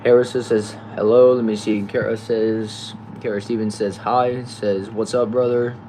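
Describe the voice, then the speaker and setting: A man with a Texan accent reading viewer comments aloud quickly on a casual livestream from a back shed, answering each with a short reply. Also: lowish voice, level tone, mellow. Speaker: livestream host reading chat. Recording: noisy background hum.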